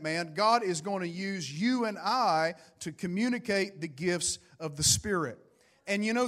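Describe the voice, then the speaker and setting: Man preaching, high voice, Pentecostal sermon, rising emphasis, church microphone. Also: fairly bright tone. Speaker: pastor.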